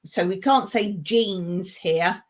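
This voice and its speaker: A woman's voice: mid-range voice, slow pace. A woman hosting a casual home livestream, chatting and patiently explaining things while repeating words. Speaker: livestream host. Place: home in rural Cyprus.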